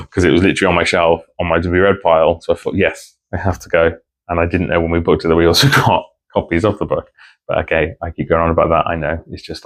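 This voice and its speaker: A man vlogging about books in a rambling, heartfelt casual chat to camera. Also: sits low. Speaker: book vlogger.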